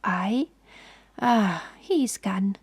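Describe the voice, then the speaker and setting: A woman's voice: mid-range voice, a little slow, creaky, warm tone, slightly rough. A woman voicing a fussy, precise older male detective in a whispered role-play, formal and mildly reproving. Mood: suave.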